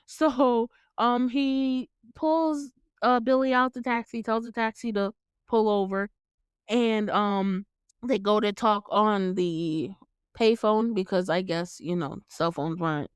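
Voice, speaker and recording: A woman chatting through a movie recap in a smooth, clear voice. She is casual and quick to laugh, and she swears freely. The sound is dry and close, with no room around it. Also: medium pitch, dry recording. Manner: chatty, laughs often, acts out the characters' lines. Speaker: podcast host recapping a movie. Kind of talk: casual chat.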